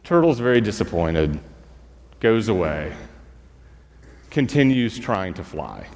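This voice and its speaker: A man who is a school chaplain, telling a folk tale in a relaxed, conversational sermon with fillers and asides to the congregation. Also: lowish voice, slow. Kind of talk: storytelling sermon. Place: church. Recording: church hall reverb.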